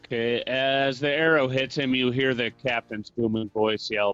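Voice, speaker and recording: A man's voice: mid-range voice, fairly even intonation, normal speed, a bit bright, smooth, dry recording, dull audio. A man running a tabletop game as game master, calling for dice rolls and narrating the action.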